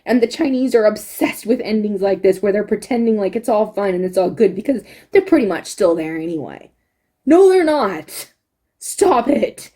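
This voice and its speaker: A woman's voice: medium pitch, brisk, few pauses, mellow. A woman giving a casual spoken review, rambling and emphatic, repeating words for stress, and close to tears. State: tearful, close to crying.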